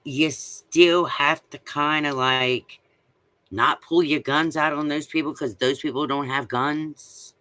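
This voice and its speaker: A man delivers a blunt, profane rant straight to camera, with a piercingly bright, cutting voice. He hammers his points home with repeated rhetorical questions. The sound is bone-dry, with no room around it. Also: a little high, steady tone, takes it slowly, no room sound. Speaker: vlogger. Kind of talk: casual ranting monologue.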